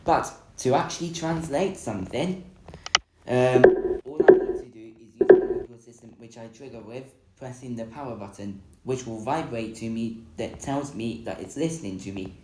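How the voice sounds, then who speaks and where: A woman hosting a casual tech tutorial who talks in a hesitant, halting way with frequent fillers. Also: a bass voice, mellow. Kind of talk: casual spoken demonstration. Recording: roomy with faint noise.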